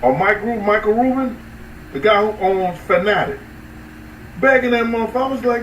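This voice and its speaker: A man hosting a casual livestream, talking loosely and profanely to his chat, with sudden high-pitched outbursts. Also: animated, moderate pace, a bit bright, distant mic. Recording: roomy echo, off-mic, faint ambient noise.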